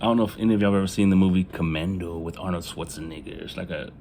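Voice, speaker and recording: Casting note: man with a lowish voice, candid confessional vlog storytelling, faint room ambience behind. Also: rapid-fire, warm tone, a little hiss or hum. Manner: casual, profane, laughs at his own jokes; acts out family members in quoted lines. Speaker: vlogger telling his life story. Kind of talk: casual storytelling.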